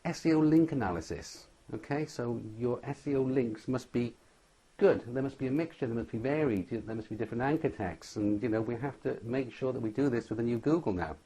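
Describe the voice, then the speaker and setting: A man's voice: medium pitch, fairly quick, mellow, slightly rough. A man giving a tutorial lecture on website ranking, stressing each point and often checking in with "okay?". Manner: emphatic, repeats "okay?" as a check-in. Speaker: SEO instructor.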